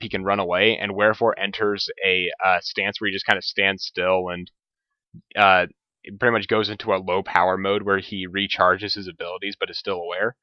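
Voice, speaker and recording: A man's voice: fairly low pitch, no room sound. A man casually recapping a tabletop game session, rambling with lots of filler words and restarts. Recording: dull lo-fi home recording.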